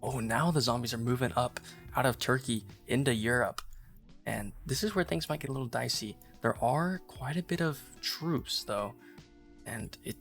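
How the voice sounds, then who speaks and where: Gravelly man rambling over gameplay. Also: mid-range voice, normal speed, a bit bright, faint music behind. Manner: rambling, amused play-by-play with many fillers. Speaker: gaming channel host. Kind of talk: casual gameplay commentary.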